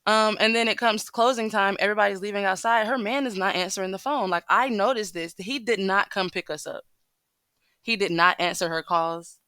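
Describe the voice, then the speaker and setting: A woman's voice: mid-range voice, fairly quick, sharp tone, smooth, dry recording. A woman giving casual relationship advice, telling a story in a chatty way straight to her viewers. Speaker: commentator.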